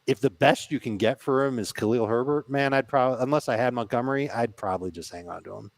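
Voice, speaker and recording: A man co-hosting a casual sports podcast, giving measured, decisive takes. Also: medium pitch, dry recording. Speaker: podcast co-host.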